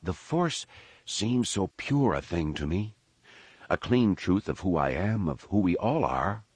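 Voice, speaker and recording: A man's voice: deep voice, big pitch swings, normal speed, breathy edge, no echo, full character voice. A man voicing a sixteen-year-old apprentice who questions his elders tentatively and at times sarcastically. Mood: earnest. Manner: tentative, challenging, a bit sarcastic.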